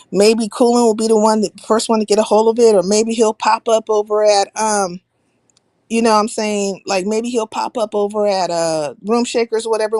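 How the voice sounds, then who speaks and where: A woman's voice: mid-range voice, no echo. Woman, live stream host, blunt, confrontational, swearing, dry close sound. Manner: shouts out viewers by name mid-sentence. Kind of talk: casual live stream chat.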